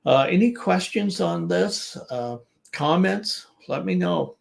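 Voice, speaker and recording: With a voice that sits high, a slow pace and some vocal fry, an older man gives a chatty online lesson in business English. He often starts his sentences again and says words twice to show their stress.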